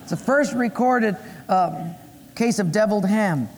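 Male pastor, high voice, echoing hall. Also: a little slow, a little hiss or hum. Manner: playful, acts out voices, puns for laughs. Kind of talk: sermon. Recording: long echo of a large hall.

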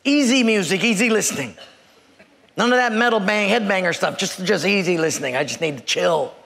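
A man voicing a stressed, irritable king who pleads fretfully for calm music, heard with long hall reverb. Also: high voice, fairly quick, gravelly, full character voice.

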